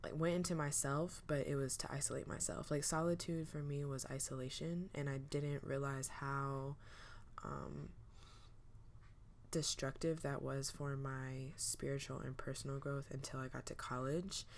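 A woman's voice: flat delivery, moderate pace, creaky, a little hiss or hum. A young woman hosting her own podcast, talking alone in a sleepy, hesitant, reflective way with many fillers. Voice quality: low, a little manly voice. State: sleepy, just woke up. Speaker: podcast host. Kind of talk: casual solo podcast monologue.

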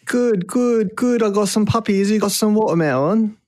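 A man putting on a clumsy, hammy imitation of an English gentleman, the accent wavering as he goes. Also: high voice, fairly quick, pitched above the performer's own voice, lightly acted. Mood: jokey.

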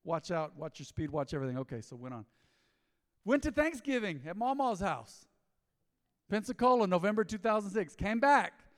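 A man preaching a sermon as pastor, telling a story in a lively way and acting out the dialogue. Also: high-pitched, normal speed. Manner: storytelling, animated, acts out dialogue. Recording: long hall reverb.

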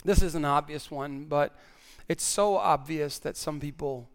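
A man's voice: on the high side, measured pace, smooth. A male pastor preaching a sermon in an earnest way, often repeating words as he stresses a point.

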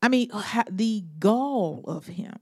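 A woman preaching a sermon. She is animated and swings between loud emphatic bursts and hushed asides, acting out Bible figures in modern slang. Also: mid-range voice, slow pace, dry recording, studio quality.

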